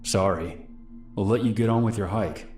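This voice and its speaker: A man's voice: lowish voice, normal speed, darkish tone, reverberant, soft background music, lightly acted. A man voicing a wary young girl who answers a stranger curtly and cautiously. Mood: guarded. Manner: cautious, curt, improvising. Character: wary young girl out with her dog, guarded.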